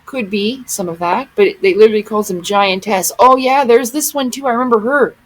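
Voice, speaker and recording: A woman's voice: fairly high pitch, a little fast, background noise. A woman vlogger giving casual commentary on photos, often exclaiming in amazement.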